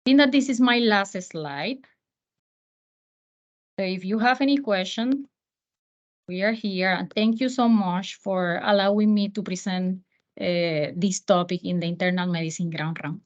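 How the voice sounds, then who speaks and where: Female doctor, Spanish accent, measured lecture delivery, muffled lo-fi sound. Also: mid-range voice. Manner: measured, with occasional fillers. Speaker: physician presenter. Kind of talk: medical lecture. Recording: muffled lo-fi audio.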